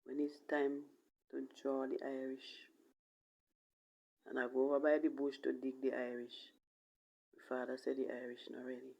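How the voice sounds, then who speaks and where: Gravelly Jamaican woman telling her story. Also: rumbling low, monotone, normal speed, pauses often, a little mellow. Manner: emotional, drifting into whispers. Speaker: vlogger. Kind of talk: personal life story. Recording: dull lo-fi recording.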